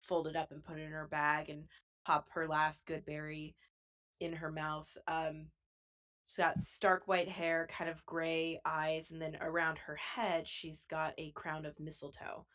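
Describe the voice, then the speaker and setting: A woman's voice: low voice, little pitch movement, unhurried, a bit bright. A woman narrating a tabletop game as game master, describing a character in a loose, rambling way. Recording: dull lo-fi sound.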